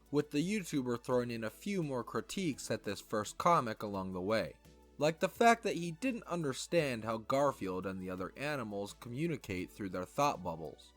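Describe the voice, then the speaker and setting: A man narrating a scripted video essay with a wry, lively delivery. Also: medium pitch.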